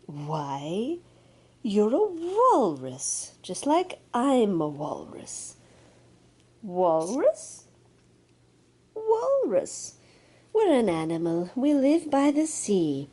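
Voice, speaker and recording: A woman voicing a gentle mother walrus who speaks slowly and soothingly to her baby. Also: on the high side, huge pitch swings, breathy edge, pitched below the performer's own voice, exaggerated voice. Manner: slow and soothing.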